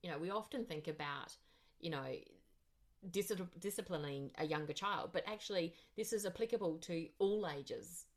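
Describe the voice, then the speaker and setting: A woman's voice: on the low side, normal speed. A woman hosting a casual conversation, listening supportively and agreeing often. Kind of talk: casual chat.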